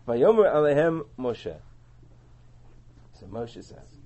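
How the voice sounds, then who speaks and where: A man teaching a Torah class, explaining and translating verses in an animated way, on a dull lo-fi recording. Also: medium pitch, normal speed, husky.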